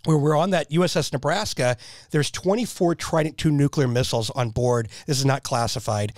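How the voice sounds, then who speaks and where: A man's voice: on the high side, brisk, dry recording, studio quality. A man in his fifties, a military veteran, telling stories in a rambling, enthusiastic way as a podcast guest. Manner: enthusiastic, rambling storyteller who repeats himself. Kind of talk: casual storytelling.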